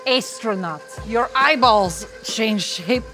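A woman's voice: on the high side, lively intonation, slow pace, pushed and bright, faint music behind, heavily acted. A woman voicing a blunt Russian female cosmonaut in clipped, broken English with a put-on Russian accent. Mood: deadpan.

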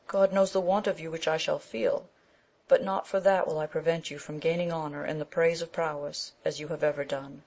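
A woman reading the lines of an old, fatherly king, gentle and dignified, in a low, gravelly voice. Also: fairly even intonation, a little fast.

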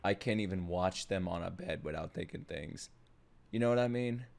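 A man hosting an anime reaction video in casual commentary, excitable and talking straight to his viewers, swearing freely and laughing often. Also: low-pitched, normal speed, vocal fry.

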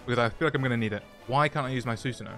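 An excitable young man talks through his video game session with quick jokes and self-mocking remarks. His voice sits at a middle pitch, and faint music plays underneath. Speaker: gaming YouTuber. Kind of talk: playthrough commentary with voice-over narration.

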